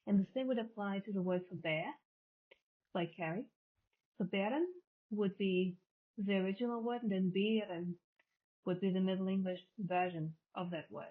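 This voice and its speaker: A female linguistics lecturer with a medium-pitched voice speaks at a moderate pace, patiently explaining and restating each term in other words. The audio is narrow and tinny, like a phone recording.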